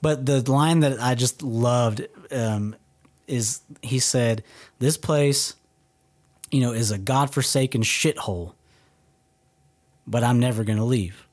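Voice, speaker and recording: A man's voice: mid-range voice, slow pace, long pauses. A young man from Texas co-hosting a podcast, enthusiastically discussing a film and quoting its lines. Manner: enthusiastic, quotes lines, some restarts. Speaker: podcast co-host. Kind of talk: casual film chat.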